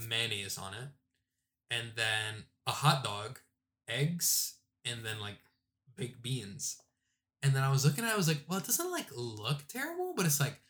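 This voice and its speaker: A young man talks in a loose, laid-back way, filling his sentences with "like". His voice sits at an ordinary pitch for a man. It is an easygoing, casual conversation. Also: fairly bright tone. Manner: laid-back, heavy use of "like". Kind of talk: casual chat.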